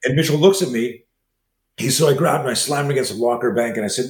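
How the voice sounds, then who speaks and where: A man in his sixties who teaches martial arts, telling stories as an interview guest and acting out the dialogue in quick, animated bursts. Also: mid-range voice. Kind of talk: storytelling in a conversation. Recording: roomy echo.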